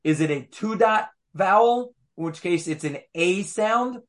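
A man lecturing a study group at an easy pace. his voice sits a touch high, and he comes back to his points, restating them with small asides as he goes. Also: expressive, measured pace. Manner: patient, repeats phrases, fond of asides. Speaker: Torah teacher. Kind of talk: explanatory class lecture.

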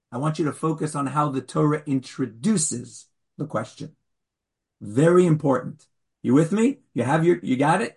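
A man's voice: fairly high pitch, vocal fry, husky. A man teaching an online Torah class as rabbi, questioning his students in a challenging, Socratic way.

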